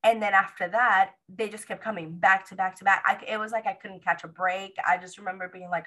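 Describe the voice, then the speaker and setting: A woman's voice: medium pitch, normal speed, hardly any pauses, poor audio. A young woman casually telling viewers the story of giving birth, acting out what the nurse and doctor said. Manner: animated retelling, acts out quoted dialogue. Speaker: mother sharing her birth story.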